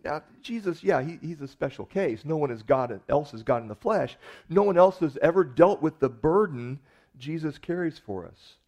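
A male preacher delivers his sermon in a relaxed, conversational storytelling voice that sits a little above average in pitch. He talks earnestly and directly to the listener. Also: normal speed.

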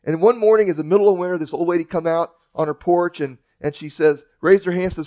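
Male pastor, folksy sermon delivery, somewhat high voice, conversational restarts. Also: steady tone, fast talker, few pauses, darkish tone. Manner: folksy storytelling preacher with restarts.

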